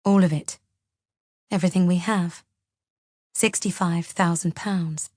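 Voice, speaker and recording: A woman voicing a gentle, apologetic husband. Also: on the low side, steady tone, unhurried, no room sound, clean studio sound.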